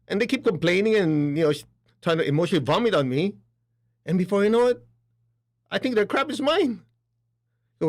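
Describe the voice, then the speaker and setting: A man giving a spiritual lecture, animated and laughing between points, acting out other people's voices as he talks. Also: a little high, fairly quick. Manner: animated, acts out quoted voices. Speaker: spiritual teacher. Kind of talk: spoken lecture.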